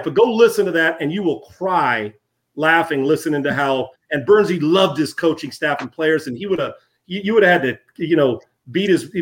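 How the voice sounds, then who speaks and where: A man in his fifties with a slightly raised voice tells old team stories as an interview guest. He is animated, tripping over and repeating words as the anecdotes pour out, in an easy, casual way. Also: on the high side. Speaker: guest, former football player. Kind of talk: casual storytelling.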